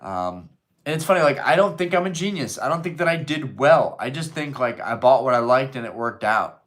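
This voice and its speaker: A man's voice: mid-range voice, lively intonation, fairly quick, fairly bright tone. Laid-back man hosting a live stream. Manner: loose, joking, swears freely, reads viewer messages aloud. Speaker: livestream host reading chat. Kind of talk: casual livestream chat.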